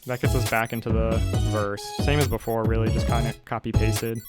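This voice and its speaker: A young man talks through the making of his song in a relaxed tutorial voice-over, his fairly low, level voice moving fairly quickly over the loud music of the track itself. As a producer explaining his work, he fills his speech with "like" and other fillers.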